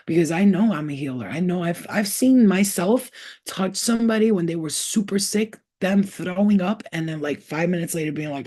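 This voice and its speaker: A woman's voice: on the low side, animated, moderate pace, mellow. A woman who works as a spiritual healer, speaking bluntly and with lots of swearing as she gives her viewers a casual pep talk. She talks straight to the listener and keeps repeating her points. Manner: blunt and profane, emphatic.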